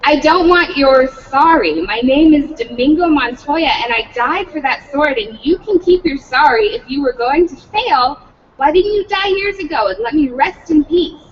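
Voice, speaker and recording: A woman reading the part of a dead father's ghost who speaks slowly, bitter and reproachful. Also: high voice, expressive, recorded from a distance, dull audio, a little hiss or hum.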